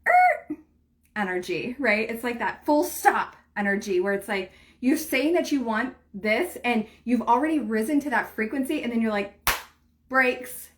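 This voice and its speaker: Woman with a slightly high voice doing an earnest spiritual coaching live, talks right to her viewers. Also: big pitch swings, moderate pace. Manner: earnest, heartfelt, leans heavily on "like" and "right?"; speaks direct encouragement to the viewer. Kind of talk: motivational livestream talk.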